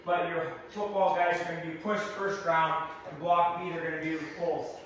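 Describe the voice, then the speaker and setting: A slightly hoarse man coaching through a workout, giving practical cues in a large gym. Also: on the high side, flat delivery, moderate pace, fairly bright tone, a little hiss or hum. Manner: practical, coaching cues, talks to his son in asides. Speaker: strength coach. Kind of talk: instructional workout walkthrough. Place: large echoey gym, indoors. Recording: echoey gym from a distance.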